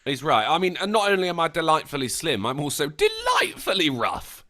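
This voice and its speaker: An English man with a bright, sharp tone and a voice that swings wide in pitch, chatting casually on a live stream. He swears freely and throws in quick impressions when he retells a story. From England. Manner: animated, bursts into high put-on voices when quoting people. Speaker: co-host.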